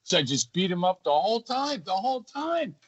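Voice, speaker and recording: A man, a wrestler, telling stories from the ring as a guest in an energetic, animated way. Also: high-pitched, fairly quick, husky. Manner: energetic, acts out ring action. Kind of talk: animated storytelling. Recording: lo-fi muffled audio.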